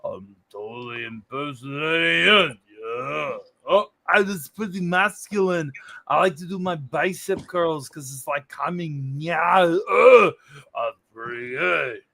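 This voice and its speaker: A man doing a gruff macho action-star drawl. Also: fairly high pitch, expressive, slow pace, pushed and bright, full character voice. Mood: boastful.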